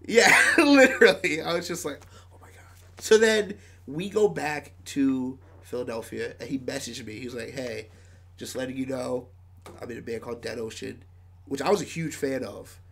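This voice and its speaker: A man's voice: medium pitch, moderate pace, creaky, pushed and bright. A man, a podcast guest from a band, telling a rambling story with lots of "like"s and frequent laughs. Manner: rambling, many "like"s, laughs often. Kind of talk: casual storytelling.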